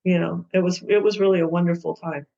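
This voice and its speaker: A woman guest who works as a co-parenting mediator tells stories in an interview, acting out the people in them with lively, hesitant speech. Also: on the low side, fast talker, creaky. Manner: lively storyteller who acts out quoted people. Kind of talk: storytelling interview answers. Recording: dull lo-fi sound.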